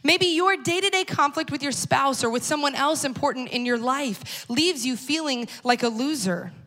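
This woman in her thirties has a high-pitched voice with lively intonation, a moderate pace, and a slightly bright quality. Speaking at a church talk series, she tells a personal story wryly and conversationally, straight to the audience.

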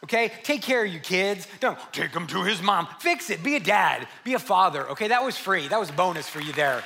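A man preaching a sermon to a church congregation, lively and conversational, with rhetorical questions and repeated phrases. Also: sits high, fairly quick, vocal fry, some chatter behind, slight background noise. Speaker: pastor.

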